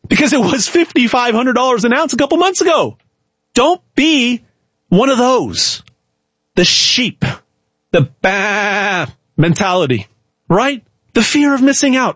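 A man giving an emphatic, hard-selling pitch straight to the viewer, repeating words and restarting often. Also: lively intonation, a little slow, a bit bright, slightly rough, no echo. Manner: emphatic, repetitive, stumbles and restarts. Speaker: gold sales pitchman. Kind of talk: direct-to-camera sales pitch.

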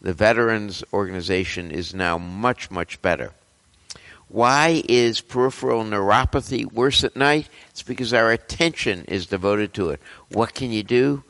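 Older man, physician host, lowish voice, loose and opinionated health chat. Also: fairly bright tone, big-room sound. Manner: rambling, opinionated, halting with fillers. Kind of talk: casual health news commentary.

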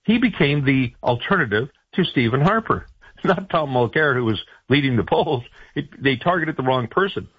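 A man's voice: mid-range voice, animated, normal speed, husky, no room sound, dull audio. A man giving political advice in a radio interview, talking loosely with many fillers and restarts. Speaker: political strategist guest.

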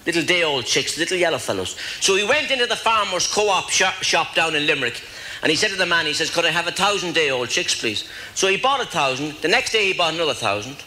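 A man's voice: fairly high pitch, very animated, fast, bright, forceful tone. Irish man telling folksy jokes. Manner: folksy, leisurely joke-telling with chuckles. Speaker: stand-up comedian. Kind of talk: storytelling jokes for a live audience.

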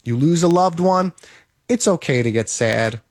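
A man delivers a motivational monologue in a slightly high voice, driving his points home through emphatic repetition. The recording is dry, with no room echo around him. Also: expressive, a little slow, darkish tone.

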